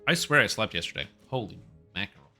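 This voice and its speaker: A man chatting casually while he streams a game, rambling along with joking asides. His low voice has a very bright, forceful edge. Faint game music plays behind him. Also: expressive, fast talker. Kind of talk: casual chat while playing.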